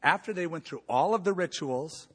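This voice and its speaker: Husky-voiced man preaching in a reverberant hall. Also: a little high, animated, moderate pace. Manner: emphatic, swings from loud to hushed. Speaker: pastor. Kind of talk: sermon. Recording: long reverb of a large hall.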